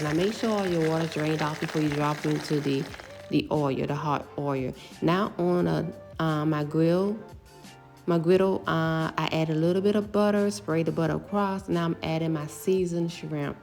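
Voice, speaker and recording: A middle-aged woman casually talking through her home cooking step by step, relaxed and chatty. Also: low-pitched, moderate pace, soft background music. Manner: relaxed, step-by-step explaining with fillers.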